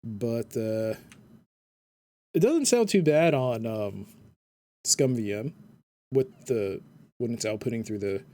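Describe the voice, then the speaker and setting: A game streamer with a dark-toned, mid-range voice and lively intonation talks slowly, pausing often, while casually playing live at a home computer. They read game text aloud and hum along to the music.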